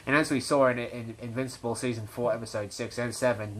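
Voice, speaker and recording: A man giving a casual fan-debate monologue, rambling and excited, with frequent restarts and a stutter he mentions himself. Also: medium pitch, fairly quick, hardly any pauses, a little hiss or hum. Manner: enthusiastic, casual swearing. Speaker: fan commentator.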